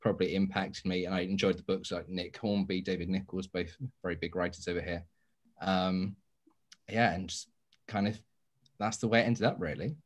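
A man's voice: low-pitched, steady tone, moderate pace. A young man, a romance author, talking in a modest, easygoing way with lots of ums on a panel. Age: young adult. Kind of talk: casual panel chat on a video call.

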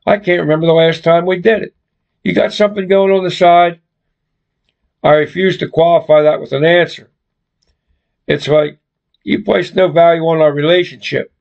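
A man voicing a frustrated young woman who bluntly confronts her boyfriend, with a gravelly voice on a dull lo-fi recording. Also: fairly high pitch, fairly even intonation, normal speed, long pauses, darkish tone. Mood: pleading. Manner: blunt, exasperated, foul-mouthed.

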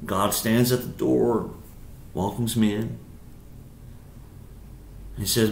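A man's voice: lowish voice, fairly even intonation, slow, vocal fry, roomy sound, slight background noise. A male pastor preaching a sermon in a conversational way, repeating himself and building to emphatic bursts. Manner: conversational, rising to emphatic bursts, frequent restarts.

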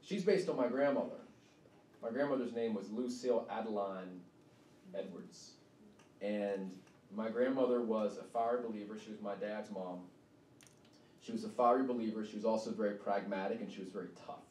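A man's voice: on the low side, normal speed, a little mellow. Guy author chatting to a crowd, keeps saying right?, far off mic, echoey hall. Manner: conversational, asks "right?" often. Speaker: author giving a talk. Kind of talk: public talk and reading. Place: university event hall.

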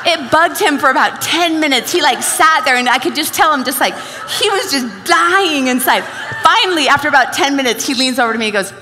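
A young woman tells stories from a stage, bringing each exchange of dialogue to life. Her high voice rises and falls widely. A large hall gives her words a long reverb. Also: a little fast, few pauses, very noisy. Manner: animated storyteller acting out dialogue. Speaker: speaker at a sales event. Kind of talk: motivational stage talk.

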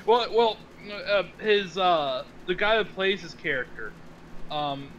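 A man with a bright, slightly high voice co-hosts a relaxed movie podcast. He hesitates often, filling gaps with ums while he hunts for names, and swears casually. A faint hiss of noise lies behind him. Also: slow, lo-fi sound. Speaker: podcast co-host. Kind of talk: casual movie review chat.

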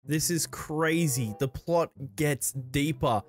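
A woman hosting a gaming channel, doing gameplay commentary with comic skits in an excitable, chatty manner full of slang. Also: deep voice, slow pace, faint music behind.

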